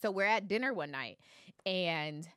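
A woman co-hosting a podcast tells a story in casual, animated chat, acting out what people said and often adding "okay?" at the end. Her voice is lowish, unhurried, and clean in tone. The studio recording is clean, with no room sound.

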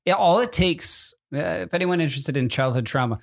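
A man's voice: fairly high pitch, expressive, fairly quick. A man from New Jersey co-hosting a podcast, joking and self-mocking in casual chat. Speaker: podcast co-host.

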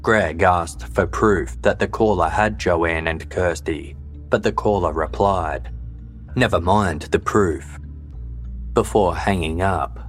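Deep-voiced man narrating true crime. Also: soft background music. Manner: measured, even, sober delivery. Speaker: podcast narrator.

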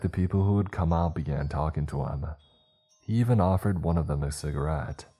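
A man narrating a first-person scary story in a measured way, voicing the dialogue himself. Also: extremely low pitch, mellow, husky. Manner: measured, acts out dialogue in his own voice.

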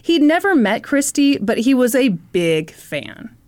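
Female podcast host; sarcastic comic storyteller, higher voice. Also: sing-song, measured pace, a little mellow. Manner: wry, sarcastic narration. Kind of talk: comedic storytelling.

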